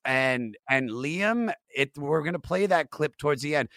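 A man hosting a casual music podcast chat, excitable and swearing as he asks his guests questions. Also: a little high, unhurried, no echo, clean studio sound. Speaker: podcast host.

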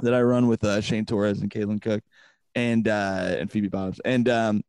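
A man's voice: on the low side, steady tone, normal speed, darkish tone, clean tone, dry recording. A young male comedian telling stories in a loose, profane way, laughing often and acting out quotes. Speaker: comedian, podcast guest. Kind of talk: casual storytelling chat.

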